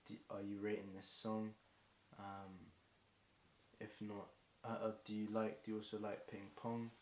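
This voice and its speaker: A British freestyle rapper rambles through a long improvised stream of rhymes, off the cuff and full of ums. His fairly low voice is monotone and unhurried. The room is echoey, with a faint hiss.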